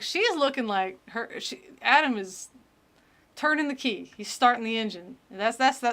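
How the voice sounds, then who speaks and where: A woman gives casual, rambling comedy commentary. She is incredulous and swears freely, and her voice sits fairly high. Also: a bit bright.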